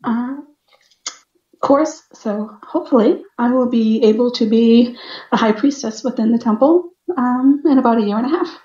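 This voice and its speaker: A woman guest with a Boston accent who talks in a friendly, hesitant way, pausing with fillers. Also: on the high side, dark tone. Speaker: guest, witch and psychic. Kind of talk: casual interview chat. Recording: roomy lo-fi audio.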